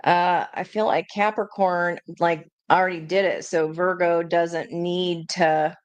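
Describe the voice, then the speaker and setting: A woman's voice: fairly low pitch, steady tone, a little slow, smooth, dry recording. A woman giving a chatty live tarot reading, talking intuitively and laughing and exclaiming often. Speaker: tarot reader.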